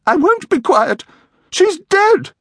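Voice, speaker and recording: A man voicing a dowdy woman who cries out in shrill panic. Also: wildly swooping pitch, a little slow, fairly bright tone, no echo, clean studio sound, exaggerated voice. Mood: hysterical.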